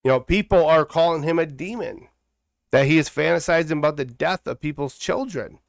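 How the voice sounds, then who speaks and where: A fired-up man hosts a commentary podcast. His voice sits a little high for a man. He preaches at the listener and hammers each point again and again, recorded close and dry. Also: brisk, creaky, dry recording. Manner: heated, preachy, repeats phrases for emphasis. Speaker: podcast host.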